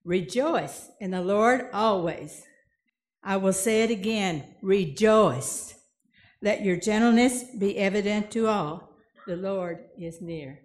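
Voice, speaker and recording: A woman reading a Bible passage aloud in a church service, measured and deliberate. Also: medium pitch, darkish tone. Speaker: scripture reader. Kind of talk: scripture reading.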